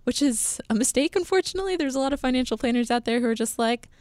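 A woman's voice: on the high side, fast, few pauses, darkish tone, no echo. Young woman, podcast co-host, casual chatty talk, lots of ums, dry close sound. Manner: chatty, many fillers and laughs. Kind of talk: casual chat.

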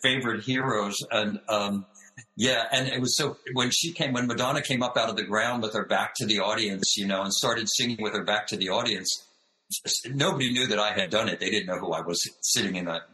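A man, a director and choreographer, telling animated stories in an interview over a video call, acting out the voices of people he quotes. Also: lowish voice, fairly quick, echoey room, low-quality recording. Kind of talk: storytelling interview.

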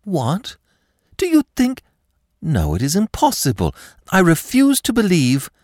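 A man's voice: lowish voice, very animated, normal speed, no room sound, studio quality. Man doing a frightened young French lady. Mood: fearful. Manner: anxious, breathless pleading. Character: frightened young French woman, about twenty.

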